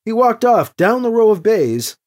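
An audiobook narrator reading a story aloud and giving each character a voice of their own. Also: moderate pace. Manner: lively, voices each character with shifts in pitch.

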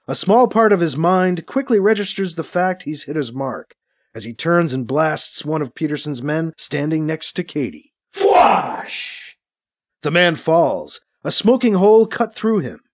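Animated male audiobook narrator. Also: on the high side. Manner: animated, with voiced sound effects.

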